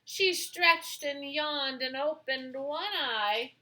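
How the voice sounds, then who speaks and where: A woman reading a children's picture book aloud with expressive storytelling. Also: sits high, takes it slowly, hardly any pauses, rough recording.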